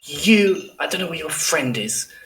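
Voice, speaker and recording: A man's voice: on the high side, expressive, measured pace, roomy sound, distant mic, background noise. A man narrating as game master of a tabletop game, setting scenes and calling for rolls, laughing often.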